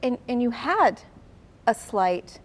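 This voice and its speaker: A woman's voice: on the high side, sing-song, takes it slowly. A woman host interviewing a guest, encouraging him with frequent agreeing interjections.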